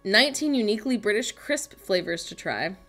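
A woman's voice: mid-range voice, animated, fairly quick, a bit bright. A young woman chatting playfully and teasing on a casual livestream from home. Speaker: livestream co-host. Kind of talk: casual chat on a productivity livestream.

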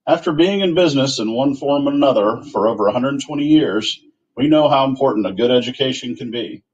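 A man's voice: medium pitch, fairly quick, slight background noise. A man, a company executive, presenting an award category by reading formal prepared remarks. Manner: formal, steady. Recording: dull, lo-fi audio.

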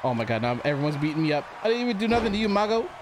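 A man with a high voice calls his game as he plays, excitable and loud in his reactions. He jokes and argues with the characters on screen. Clear noise hums under the recording. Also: rapid-fire. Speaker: gaming channel host. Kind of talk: let's play commentary.

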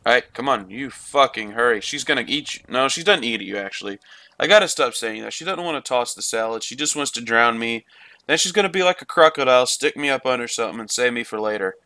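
In let's play commentary, a gamer talks his way through the game with a bright, forceful voice of medium pitch, lively intonation and quick pace. He swears freely and keeps up a running chat with himself and the screen. The sound is close and dry, with no echo.

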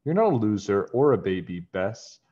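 A man voicing an eight-year-old girl detective who talks in a calm, sensible, encouraging way, in a storybook reading. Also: lowish voice, moderate pace, muffled recording. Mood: steady.

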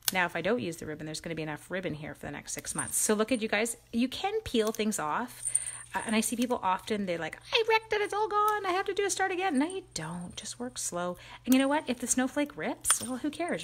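A woman's voice: mid-range voice, animated, brisk. A woman hosting a live crafting stream, chatting with viewers by name and joking at her own mistakes as she works. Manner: chatty and self-mocking, greets viewers by name. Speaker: crafting livestream host.

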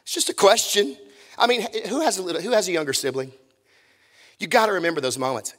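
A man preaching a sermon as pastor, telling a story with lively, casual acted-out quotes. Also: sits high, quick pace, long reverb tail. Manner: animated storytelling, acts out quotes in casual voices. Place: church auditorium.

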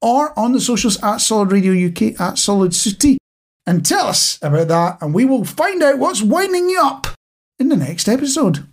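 A man's voice: high-pitched, very animated, normal speed, slight background noise. A man co-hosting a casual chat podcast, talking to listeners directly with wry, dry humour. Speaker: podcast co-host.

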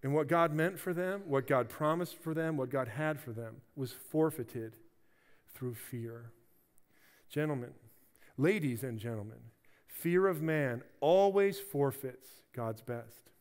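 A man preaching a sermon as senior pastor, animated, acting out biblical figures and dropping to quiet emphasis. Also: medium pitch, slow pace, smooth, in a large hall. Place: church sanctuary.

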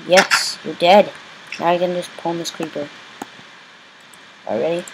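A man giving rambling, chatty video game commentary as a channel host, breaking into exasperated yelling when things go wrong. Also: fairly high pitch, steady tone, normal speed, gravelly, long pauses, heavy background noise.

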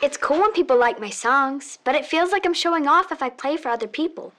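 A woman songwriter speaks earnestly, as if working through a question. Her voice sits fairly high. Her pace is quick. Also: expressive, a bit bright. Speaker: young songwriter.

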